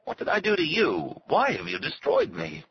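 A man's voice: low voice, lively intonation, normal speed, lo-fi sound, noisy background, voice pushed up. A man voicing an enraged, grief-stricken trader who vows revenge, read in an audiobook. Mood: anguished. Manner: anguished, vowing revenge. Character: enraged bereaved male trader, vengeful. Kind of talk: audiobook character voice.

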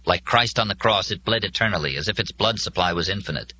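Deep-voiced man narrating a novel. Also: fast talker, pushed and bright, slight background noise. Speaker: audiobook narrator. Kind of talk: scripted narration.

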